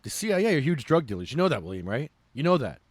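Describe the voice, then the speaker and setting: A man talks on a casual podcast, swearing and ranting with a lot of heat. His pitch swings up and down as he goes. The sound is dry and close, with no room echo. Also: fast. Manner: profane, ranting, animated. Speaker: podcast host.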